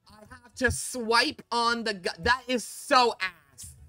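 A woman's voice: fairly high pitch, takes it slowly, pushed and bright, soft background music. A woman streaming a game, talking in a frustrated, swearing, exasperated way. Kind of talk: live game stream commentary.

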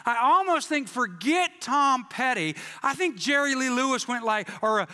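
A pastor with a very high voice preaches in a large hall that serves as a church sanctuary, speaking at a moderate pace. He tells stories animatedly and jokingly, slipping into playful voices when quoting others.

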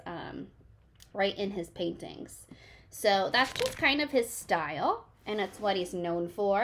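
A woman's voice: mid-range voice, a bit bright. Chatty young woman teacher reading to her class. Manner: chatty, encouraging, many ums and likes. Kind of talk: reading a picture book aloud to a class.

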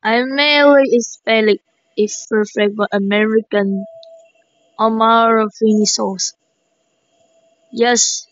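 Excitable gamer woman, slow and higher voiced, dry dull lo-fi mic. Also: dry recording. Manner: excitable, shrieking exclamations, repeats words. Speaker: gaming commentator. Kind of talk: excited gameplay commentary.

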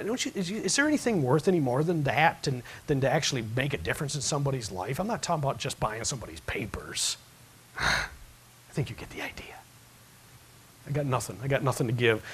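A man's voice: on the high side, slightly rough. A man preaching a sermon in a church, telling a story in a folksy, rambling way with many restarts. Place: church sanctuary.

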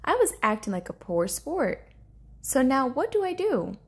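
A proud young male fish who hates to lose sulks and protests in a slightly breathy voice, played by a woman. His pitch swings widely as he complains. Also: sing-song, unhurried, exaggerated voice. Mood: indignant. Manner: sulky, indignant.

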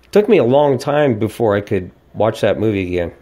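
A man's voice: on the low side, expressive, brisk, warm tone. A man in his forties hosting a podcast, ranting and telling stories in a casual, profane monologue. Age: 40s. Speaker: podcast host.

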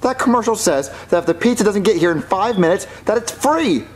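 A man's voice: sits high, lively intonation, brisk. A man voicing a scheming bratty boy who talks in an eager, blunt way.

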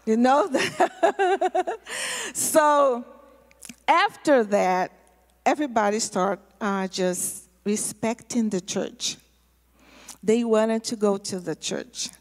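A woman pastor telling a testimony in a sermon, storytelling in a lively way and repeating words for emphasis. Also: medium pitch, slow pace. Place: church sanctuary. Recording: long hall reverb in a church.

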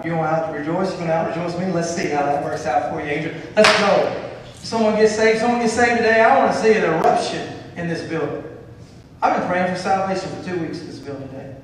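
Male pastor, fervent sermon, slightly high voice, distant hall reverb. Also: slight background noise. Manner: fervent, builds to shouting, repeats phrases. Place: church sanctuary. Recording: echoey church hall from far off.

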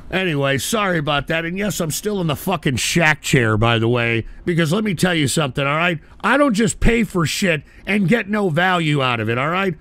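A streaming host with a high, wildly swinging voice, spitting out curses and sarcastic jabs. He flares from grumbling into outright shouting at a moment's notice, his tone gravelly throughout. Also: lively intonation, fairly quick, hardly any pauses, no room sound. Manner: profane, combative ranting, bursts into shouting; sarcastic asides. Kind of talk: live-stream commentary.

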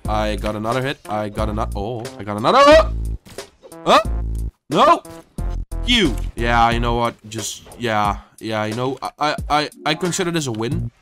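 Brief: young gamer man, excitable, swears, stammers, wildly swinging pitch over game music. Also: normal speed. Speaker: gaming YouTuber. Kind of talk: live gameplay commentary.

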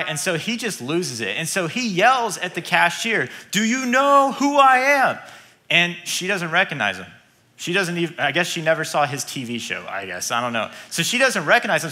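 A man's voice: on the high side, sharp tone. A man, a pastor, preaching a sermon with energy, repeating his key lines and restarting often.

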